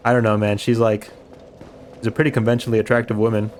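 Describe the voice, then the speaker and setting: Male game streamer, low monotone voice, rambling casual chatter, swears, faint background noise. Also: quick pace. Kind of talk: casual gameplay commentary.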